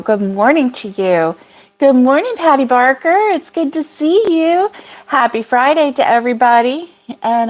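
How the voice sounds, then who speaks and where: A woman's voice: high voice, darkish tone. A middle-aged woman, hosting a casual live chat from a cabin, bubbly and greeting viewers by name. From Florida. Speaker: crochet livestream host. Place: mountain cabin indoors.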